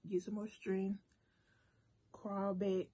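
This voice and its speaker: A woman vlogger telling a story casually to her viewers, animated and talking straight to them. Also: mid-range voice, slow pace, husky. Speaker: cooking and mukbang vlogger. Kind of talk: casual storytime while eating.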